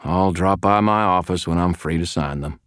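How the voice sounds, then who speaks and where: Old male wizard in a storybook reading, folksy, tired, low and gruff; a man acts him. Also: moderate pace, a bit bright, dry recording, clean studio sound. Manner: folksy, plain-spoken drawl.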